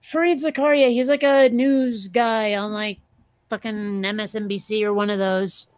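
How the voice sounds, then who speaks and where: A woman's voice: mid-range voice, steady tone, normal speed, clear, resonant tone. A woman co-hosting a podcast, chatting casually with a drawling Valley Girl voice, rambling, joking crudely and using many fillers. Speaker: podcast co-host. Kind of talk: casual chat.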